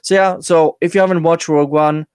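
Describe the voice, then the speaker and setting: A man's voice: on the high side, steady tone, fairly quick, clean tone, no room sound, studio quality. A man hosting a casual podcast, reading an article aloud with sarcastic, swearing asides. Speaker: podcast host.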